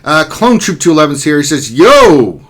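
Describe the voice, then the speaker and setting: A man's voice: on the high side, lively intonation, fast talker, a bit bright. A man hosting a casual livestream chat, joking around and reading viewer comments aloud. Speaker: livestream host.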